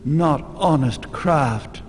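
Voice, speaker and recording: A grumbling figure in a medieval game, complaining about the young in old-fashioned speech. He talks slowly in a somewhat high voice. The game audio carries a clear hiss.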